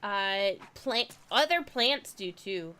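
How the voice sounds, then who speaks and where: A woman's voice: medium pitch, lively intonation, takes it slowly, sharp tone, faint music behind. A young woman from California chatting casually on a game stream, a bit stuffy from a recent cold, giggly and rambling. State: slightly stuffy, recovering from a cold. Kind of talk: casual gaming stream chat.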